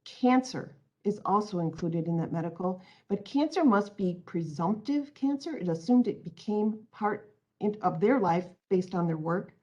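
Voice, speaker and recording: A woman's voice: mid-range voice, lively intonation, moderate pace, warm tone, lo-fi sound. Woman running a training webinar, earnest, reads answers off the chat, computer mic. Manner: reads out audience answers, then explains earnestly. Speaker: webinar presenter. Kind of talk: online training presentation.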